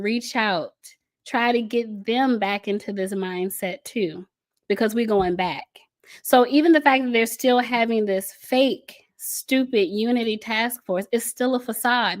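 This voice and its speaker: Woman host, casual commentary, impassioned and scornful, mid-pitched voice. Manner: impassioned, scornful, laughs often. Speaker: podcast host.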